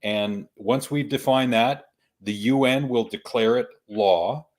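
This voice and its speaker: A man's voice: mid-range voice, takes it slowly. A male podcast host with a mid-range voice runs the show in casual chat. He jokes around and laughs often. He repeats words as he moves from topic to topic.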